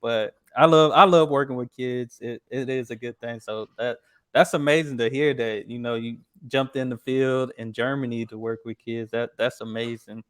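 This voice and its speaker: Texas guy hosting, american accent, mid-pitch voice, super hyped, keeps saying the same praise twice. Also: steady tone, normal speed, fairly bright tone, clear, resonant tone. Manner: enthusiastic, repeats his praise, rambling. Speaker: podcast host. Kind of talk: casual interview chat.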